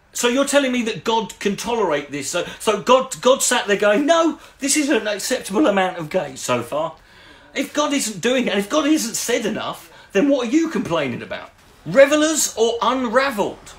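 A man doing sarcastic, sweary commentary on comments he reads out, rambling and restarting as he mocks them. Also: high voice. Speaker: YouTube commentator.

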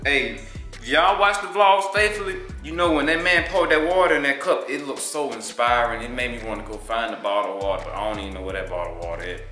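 Young male vlogger, sharp tone, teasing and slangy; roomy sound, faint music. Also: medium pitch, fast. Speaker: vlog co-host. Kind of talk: casual vlog chat.

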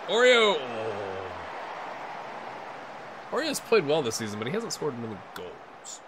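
A man doing a tired but excitable, jokey play-by-play while he plays a game on video, with asides to his viewers. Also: medium pitch, unhurried, noisy background. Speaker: gaming YouTuber. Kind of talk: let's play commentary.

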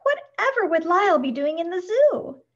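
An anxious, doting storybook lady full of worried questions, as a woman reader acts her out. Her voice sits high and fluttery. The recording is dull and lo-fi. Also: animated, moderate pace, a little mellow. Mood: dismayed. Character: fretful, doting middle-aged woman caring for a crocodile. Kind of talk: storybook read-aloud.

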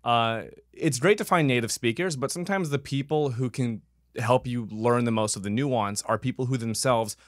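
Relaxed man chatting as a podcast guest. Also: mid-range voice, moderate pace, no echo, studio quality. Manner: relaxed, chuckling, thoughtful. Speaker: actor and guest. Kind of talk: casual interview chat.

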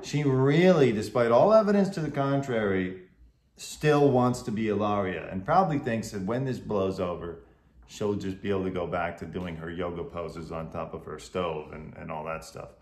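Guy on a couples podcast giving his take, lowish voice, echoey room. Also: normal speed, a little mellow. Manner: opinionated, explains at length. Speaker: podcast co-host. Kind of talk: casual chat.

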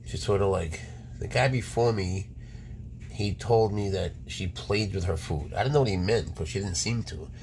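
A man's voice: low-pitched, moderate pace, gravelly, darkish tone, a little hiss or hum. A man who keeps exotic pets, chatting casually to his animals and coaxing them, with muttered swearing asides. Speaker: exotic pet keeper.

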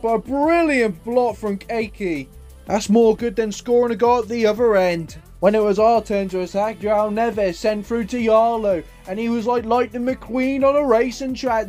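A man with a high voice narrates and commentates his football video game, jokey and quick to get excited. He throws in plenty of casual asides. Faint music plays under him. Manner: excitable, jokey, says literally a lot. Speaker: gaming YouTuber.

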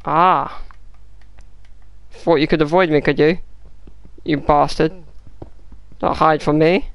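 Slow, gravelly gamer. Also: mid-range voice, steady tone. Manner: muttering to himself, swearing, mock-dramatic taunts. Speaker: gaming YouTuber. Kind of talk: casual gameplay commentary.

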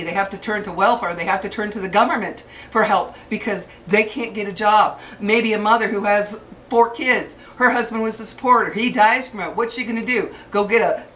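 Older woman, vlog rant, angry and profane, stumbles and restarts, mid pitch, recorded from a distance with faint hiss. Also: a bit bright. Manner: furious, cursing, halting restarts. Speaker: vlogger.

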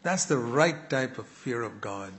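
An older man preaching a sermon in an earnest, pleading way, often clearing his throat. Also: mid-range voice, lively intonation, measured pace, a bit bright. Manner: earnest, pleading, with quoted prayers.

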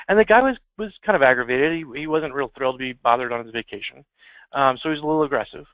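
Fast-talking man on a tinny line. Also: mid-range voice, dry recording. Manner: informal anecdotal storytelling. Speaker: security trainer. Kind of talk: conversational training presentation. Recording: tinny phone-like dry sound.

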